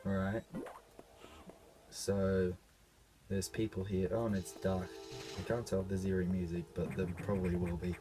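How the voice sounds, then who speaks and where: A man's voice: low voice, level tone, moderate pace, pauses often, over music. A man with a cough, unwell, giving casual self-deprecating commentary while playing a video game. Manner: self-deprecating, apologetic asides. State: sick with a cough. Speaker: let's play host.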